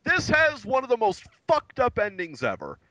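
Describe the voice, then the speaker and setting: A man's voice: very high voice, wildly swooping pitch, moderate pace, sharp tone, no echo, poor audio. A man co-hosting a casual wrestling recap podcast, crude and joking, mocking what he recaps. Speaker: podcast co-host.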